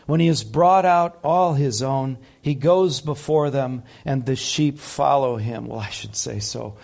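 A man preaching a sermon, impassioned, swinging between loud peaks and soft, quiet passages. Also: mid-range voice, unhurried, creaky. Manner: impassioned, rising loud then dropping soft. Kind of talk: sermon teaching.

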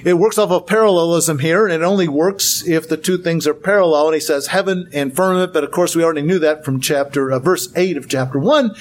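A man's voice: fairly high pitch, a little fast, hardly any pauses. A man giving a Bible lecture with slides, earnest, asking rhetorical questions and repeating words for emphasis. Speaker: Bible teacher.

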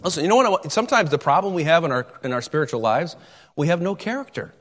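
A man preaching a sermon in a somewhat high voice, pressing each point with emphatic repetition. His words ring out with a long reverb, as in a large church hall. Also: expressive, fast, a bit bright. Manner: emphatic, repeats words when stressing points.

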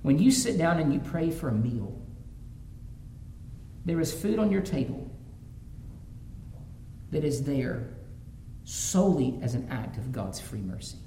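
Animated man preaching in a roomy hall. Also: on the high side, a little slow, long pauses. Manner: animated storytelling, rising to fervent emphasis. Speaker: pastor. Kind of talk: sermon. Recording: roomy echo, faint background noise.

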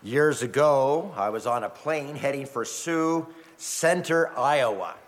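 Male pastor, lively expressive preaching, church hall reverb, pulpit mic. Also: medium pitch, measured pace. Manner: animated storytelling with emphatic rises. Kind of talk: sermon with scripture reading. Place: church sanctuary.

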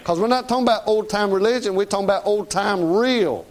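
A man's voice: sits high, fast talker. A man preaching a sermon in a folksy, conversational way, often asking "Amen?".

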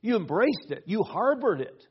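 A middle-aged man delivers a sermon, his husky voice sitting a bit high for a man. He tells a personal story, often repeating words as he starts a thought. The recording sounds dull and lo-fi. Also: big pitch swings, normal speed. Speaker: pastor.

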